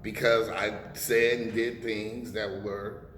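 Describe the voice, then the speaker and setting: A man's voice: lowish voice, flat delivery, takes it slowly, a bit bright. A man in his forties, a rapper being interviewed, talking bluntly and emphatically with a lot of swearing. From United States. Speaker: rapper guest. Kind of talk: casual interview talk. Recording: echoey room with long reverb and faint hiss.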